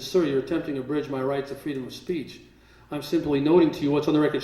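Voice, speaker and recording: A man with a fairly high voice tells stories quickly and animatedly to a live seminar audience in a large room, acting out what others said and laughing now and then. The distant mic picks up a roomy echo.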